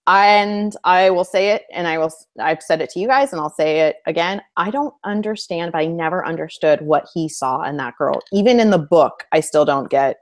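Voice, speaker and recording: Opinionated woman in casual chat, low voice. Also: moderate pace, few pauses. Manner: opinionated, animated, acts out quotes. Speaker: podcast co-host.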